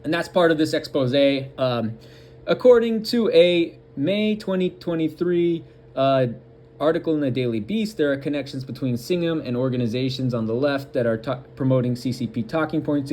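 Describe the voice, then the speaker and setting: A man with a somewhat high-pitched voice reads an article aloud on his commentary show. He stumbles and restarts now and then, and cuts in with sarcastic remarks of his own. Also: a little mellow. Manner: reads haltingly, breaking off for mocking asides. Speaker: political commentary host.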